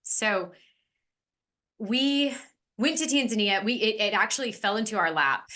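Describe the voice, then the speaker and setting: A woman's voice: mid-range voice, a little slow, pushed and bright. Earnest woman host telling a personal story. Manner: earnest and emotional, speeding up in bursts. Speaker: podcast host.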